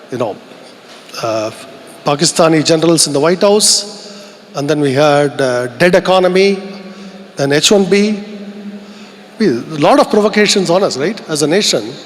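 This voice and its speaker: A middle-aged Indian man giving a conference keynote speech, earnest and reflective, asking the audience rhetorical questions. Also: fairly high pitch. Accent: Indian English. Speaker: keynote speaker. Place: large conference hall. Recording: long hall reverb.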